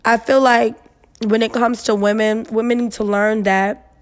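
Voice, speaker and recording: A young woman hosts an advice podcast and answers listener emails in a blunt, scolding way. Her voice sits a little high, and she swears freely as she talks straight to the letter writer. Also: measured pace. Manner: blunt, profane, animated and scolding. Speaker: podcast host.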